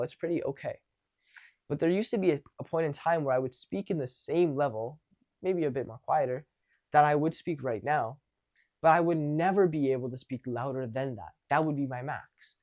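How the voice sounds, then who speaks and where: A man coaching social confidence, talking casually to camera and acting out example conversations. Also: fairly high pitch. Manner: animated, acts out example conversations; loose, conversational with frequent restarts.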